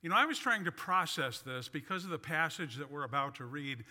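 A man's voice: a little high, animated, fairly quick, bright, forceful tone. A man preaching a sermon, telling a personal story with folksy, self-deprecating humor. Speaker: pastor. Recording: long reverb of a large hall.

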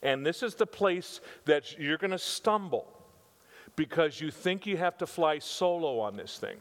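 A man's voice: fairly high pitch, expressive, measured pace. An older man preaching a conversational sermon, with emphatic repetition and rhetorical questions to his congregation. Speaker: pastor. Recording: reverberant hall sound.

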